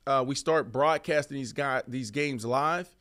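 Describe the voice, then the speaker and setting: A man's voice: medium pitch, unhurried. A man in his thirties, a former wide receiver co-hosting a sports show, arguing his points emphatically in casual debate. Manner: emphatic, animated, repeats himself.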